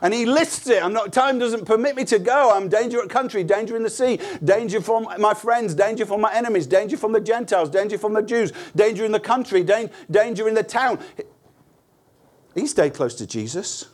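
A man with a high, lively voice preaches a sermon at a brisk clip, earnest yet conversational. He poses rhetorical questions and restarts words as he goes.

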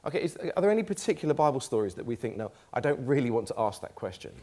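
A man's voice: medium pitch, sing-song, rapid-fire, warm tone. A man preaching a sermon in a church, reading scripture aloud in a conversational, lightly self-deprecating way.

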